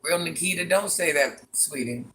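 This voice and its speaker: This is a man doing a granny persona on a casual livestream, his voice a little high, pushed and bright, at a normal speed. Dramatic and chatty, he says viewers' names as he greets them, repeats lines for effect, and calls people "child" and "honey bun."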